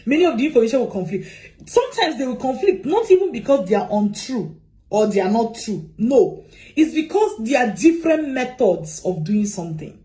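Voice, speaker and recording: A woman giving advice as a migration consultant, animated and repeating her points with rhetorical questions. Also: a little high, fairly quick, rough recording. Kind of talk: advice talk to camera.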